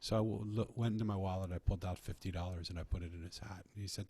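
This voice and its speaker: A man's voice: sits low, fairly even intonation, fast talker, warm tone, husky. A man earnestly telling a personal story in conversation, often restarting his phrases. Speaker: podcast guest telling a story.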